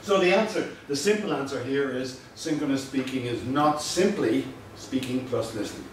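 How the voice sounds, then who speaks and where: A male lecturer giving a university lecture, measured and explanatory, stressing his key points. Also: medium pitch. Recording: very echoey room from a distant mic with faint noise.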